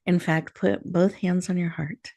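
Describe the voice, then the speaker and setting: A woman host with a low, gravelly voice leads a calm guided breathing meditation. She speaks slowly and invitingly, in a soothing tone. The sound is dry and close. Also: dry recording. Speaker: radio show host.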